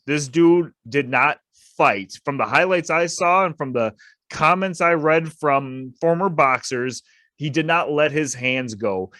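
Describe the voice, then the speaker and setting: A man's voice: a little high, a bit bright, dry recording. A man co-hosting a casual boxing podcast, opinionated and emphatic, repeating his points to drive them home. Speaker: podcast co-host.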